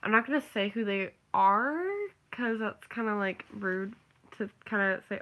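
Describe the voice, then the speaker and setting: A woman's voice: medium pitch, measured pace, fairly bright tone. A young woman vlogging in a loose, rambling chat, full of fillers and little rants. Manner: rambling, filler-heavy, ranting. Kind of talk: casual chat.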